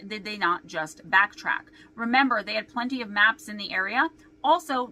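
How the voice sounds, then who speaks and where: Bright-voiced woman reading a mystery aloud. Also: a little high. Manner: skeptical, poses many rhetorical questions. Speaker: author and video host. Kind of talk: reading her own mystery book aloud.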